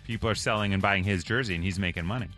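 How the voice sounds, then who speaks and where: A man hosting a morning radio show, playful and quick to laugh. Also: low-pitched, bright, forceful tone, soft background music. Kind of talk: casual radio banter. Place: radio studio.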